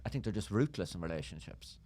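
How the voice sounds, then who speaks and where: A man's voice: deep voice, fast talker, no echo. A man with an Irish accent, a comedian co-hosting a podcast, telling jokey stories and teasing his guest. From Ireland. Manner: animated, teasing, jokey storyteller. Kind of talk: casual podcast chat.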